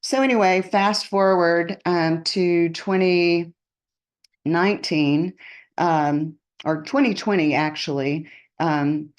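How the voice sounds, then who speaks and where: A woman speaking on a video call, her voice a touch low for a woman. She tells a chatty story and acts out the lines of others as she goes. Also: slow pace. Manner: chatty, animated storyteller acting out quotes. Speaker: guest on a team call. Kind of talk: casual storytelling.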